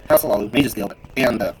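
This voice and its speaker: A man's voice: medium pitch, normal speed, noisy background. A man giving casual gameplay commentary, muttering to himself and bursting into cursing rants. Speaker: gamer playing a role-playing game.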